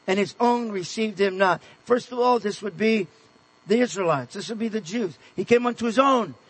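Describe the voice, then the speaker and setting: High, husky-voiced male preacher. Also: low-quality recording. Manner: earnest preaching, dropping to a hush for tender points. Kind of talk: sermon.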